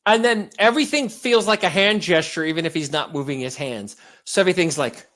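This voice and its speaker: A hoarse man co-hosting a podcast, chatting casually and joking around. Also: on the high side, fairly quick. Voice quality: animated, joking. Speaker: podcast co-host. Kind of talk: casual chat.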